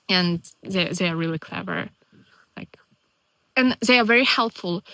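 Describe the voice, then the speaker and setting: A woman vlogs straight to camera in a casual, chatty way, earnest and enthusiastic. Her English has non-native phrasing. Her voice is bright and clear, and the recording is dry and close. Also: fairly low pitch, no room sound. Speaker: vlogger living in Scotland as a foreigner.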